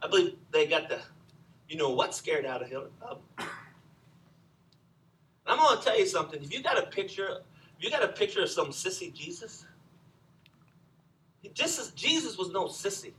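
A man preaching a sermon, telling the story with animated swings from loud to hushed. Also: high-pitched, moderate pace, long pauses, recorded from a distance, rough recording. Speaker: pastor.

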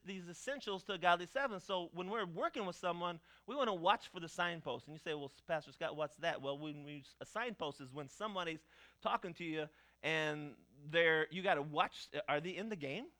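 A middle-aged male pastor teaching a class, halting and repeating himself, then building to loud, fervent emphasis. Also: on the high side.

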